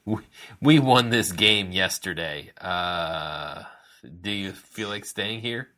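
A man co-hosting a casual podcast, speaking in a measured, slightly hesitant way. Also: deep voice, pushed and bright. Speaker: podcast co-host. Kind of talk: casual wrestling talk.

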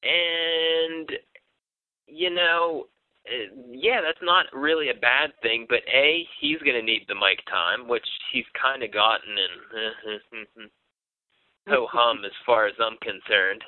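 A man talks through a casual podcast chat at an ordinary pitch, stumbling over restarts and fillers as he thinks out loud. The sound is dry and squeezed narrow, like a phone line. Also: slow, no room sound. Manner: hesitant, many fillers and restarts. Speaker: podcast co-host.

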